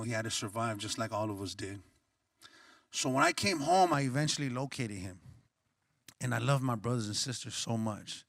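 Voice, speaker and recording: A man at a mid-range pitch shares a personal story on a conference panel. He speaks earnestly and reflectively, with casual slang. His voice is captured dry, with no room echo. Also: a bit bright. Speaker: panelist and coffee shop co-owner.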